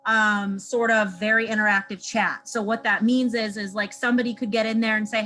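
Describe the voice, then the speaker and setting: A woman's voice: mid-range voice, fairly even intonation, fairly quick, hardly any pauses, pushed and bright, a little hiss or hum, low-quality recording. A woman hosting a group video call, chatting loosely and often correcting herself. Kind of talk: casual chat on a video call.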